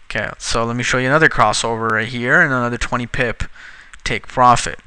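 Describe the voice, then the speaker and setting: Bright crisp-voiced man, casual trading tutorial. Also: mid-range voice, fairly even intonation, no echo. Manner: casual, frustrated, swears at slow computer. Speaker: trading instructor. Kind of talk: screen-recorded tutorial.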